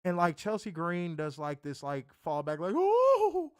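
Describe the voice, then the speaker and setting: A man's voice: a little high, fairly even intonation, moderate pace, clear, resonant tone, dry recording, studio quality. A man co-hosting a wrestling review in casual chat, sarcastic and exasperated, often restarting his sentences. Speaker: wrestling show co-host.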